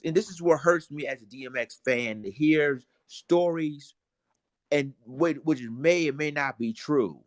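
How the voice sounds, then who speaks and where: A man's voice: a little high, no echo, studio quality. A man vlogging emotional commentary, indignant and repetitive, talking straight to his viewers.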